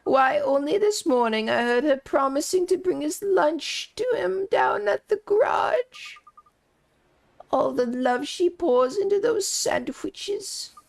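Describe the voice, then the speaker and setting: A woman's voice: very high voice, animated, slow pace, creaky, voice pushed up, full character voice. A woman voicing a gossipy, kindly old female neighbor who gets sentimental and fussy. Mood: teary. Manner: fussing, sentimental, quavering.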